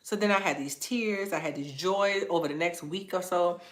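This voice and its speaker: A woman wellness coach talking through a personal story in an animated, casual way, slipping into higher voices when she quotes people. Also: moderate pace. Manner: casual, conversational phrasing. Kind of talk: live-streamed personal story talk. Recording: echoey room.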